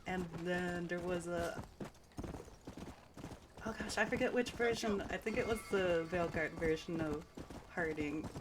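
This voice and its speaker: A woman streamer talks casually while playing, wandering through anecdotes with plenty of fillers and quick laughs. Her voice sits a little low for a woman. Game sounds and hoofbeats run loudly underneath her. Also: noisy background.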